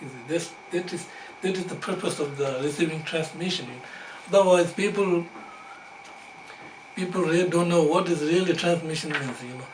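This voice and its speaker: Tibetan-speaking man teaching dharma from afar. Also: a little high. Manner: halting, many fillers, chuckling asides. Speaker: Buddhist teacher. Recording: echoey room, distant mic, background noise.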